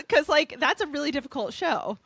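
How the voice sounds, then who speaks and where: A woman's voice: high-pitched, sing-song, normal speed, fairly bright tone, no room sound. A woman hosting a podcast interview, asking long, rambling questions with enthusiasm. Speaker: podcast host. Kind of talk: conversational interview.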